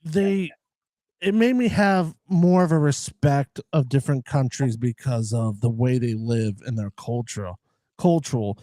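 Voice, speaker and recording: A man's voice: mid-range voice, unhurried, warm tone, dry recording. An American man in casual chat, talking earnestly and rambling with many fillers. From United States. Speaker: podcast guest.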